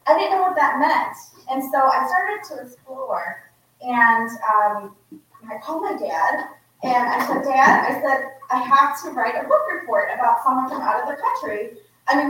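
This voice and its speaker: An American woman, an author and guest speaker, tells an unprepared personal story to a live audience in an echoey room, earnest, heartfelt and animated. Her voice sits high and is recorded from a distance.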